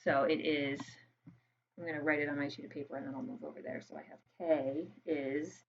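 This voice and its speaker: A woman instructor talking through a lab software walkthrough in a casual, thinking-aloud way, with frequent ums and checks like "right?". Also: deep voice, fairly even intonation, fairly quick, highs cut off, a little hiss or hum. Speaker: physics instructor. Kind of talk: screen-recorded lab walkthrough.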